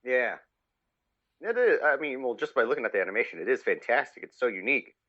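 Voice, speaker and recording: A man's voice: medium pitch, racing, bright, forceful tone. Goofy man on a dull lo-fi mic. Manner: goofy, jokey, apologetic asides. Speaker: podcast co-host. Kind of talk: casual chat about cartoons.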